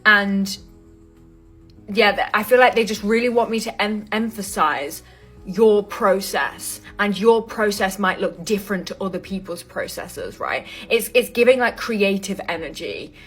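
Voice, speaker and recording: A woman's voice: mid-range voice, unhurried, slightly rough, faint music behind. Casual woman giving a tarot reading. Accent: not American. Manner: casual, filler-heavy, searching for words. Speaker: tarot reader. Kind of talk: intuitive tarot reading to camera.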